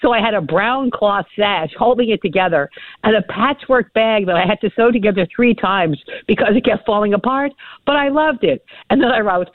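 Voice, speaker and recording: A woman's voice: on the high side, lively intonation, a little fast, no echo. A woman from New Hampshire calling in as a political guest. She tells long, digressive stories, laughs often and repeats words as she starts her sentences. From New Hampshire, USA. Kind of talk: chatty storytelling and political commentary. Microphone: telephone. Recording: tinny phone line, dry.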